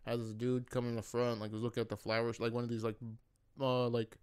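Fast-talking young man telling a story. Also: mid-range voice, level tone, a little mellow, clean tone, no room sound. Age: young adult. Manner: rambling, heavy swearing, slangy. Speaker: podcast co-host. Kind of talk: casual storytelling chat.

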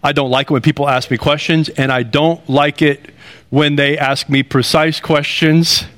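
A man's voice: fairly high pitch, flat delivery, normal speed, a bit bright. A man preaching a sermon in an earnest, conversational way, building emphasis with rising phrases. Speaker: pastor.

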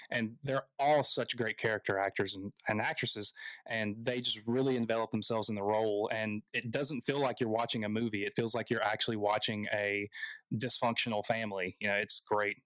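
A man's voice: fairly low pitch, fairly bright tone, dry recording, low-quality recording. Southern male co-host, eager and rambling, dry close recording. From American South. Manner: enthusiastic, rambling, with restarts. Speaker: podcast co-host. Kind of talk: casual movie chat.

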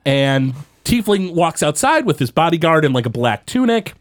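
A young man runs a tabletop game, describing the scene in a loose, rambling way. His pitch leaps up and down, and the recording is close and dry. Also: big pitch swings, moderate pace, no echo. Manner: rambling, lots of fillers, pitch jumping around. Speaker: game master.

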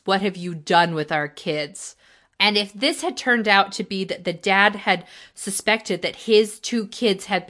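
Bright-voiced woman in casual chat. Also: medium pitch. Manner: chatty, restarts sentences, acts out quotes. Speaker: podcast co-host. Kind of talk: casual chat recapping a TV show.

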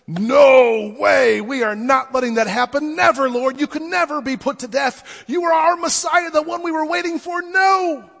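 A man voicing the disciple Peter as impulsive and insistent, loudly refusing in a retold gospel scene. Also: very high-pitched, steady tone, normal speed, vocal fry, few pauses, long reverb tail, pitched above the performer's own voice, heavily acted. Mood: protesting. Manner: emphatic, insistent.

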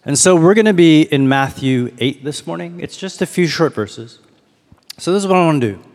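A man preaching a sermon as pastor, reflective, slowing down to read and linger on lines. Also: on the high side, animated, a little mellow, big-room sound.

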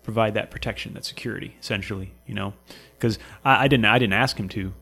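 A man's voice: lowish voice, fast talker, vocal fry, pushed and bright, slightly rough. A Canadian man telling long, rambling stories in casual chat, swearing often and repeating words while he searches for them.

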